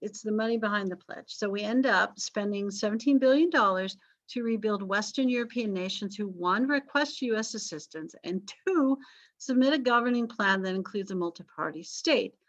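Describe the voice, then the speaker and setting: A woman lecturing a history class in a chatty, joking way, often correcting herself mid-sentence. Her voice is a little strained from vocal cord damage and sits at a middling pitch. The class recording sounds dull and lo-fi. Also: moderate pace. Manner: chatty, self-correcting, jokey asides. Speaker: history teacher.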